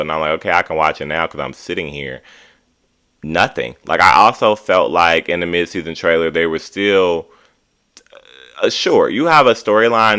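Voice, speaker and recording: A man hosting a casual reality TV recap, talking in an animated, sassy, opinionated way. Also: low voice, clear, resonant tone. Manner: animated, sassy, drawn-out commentary.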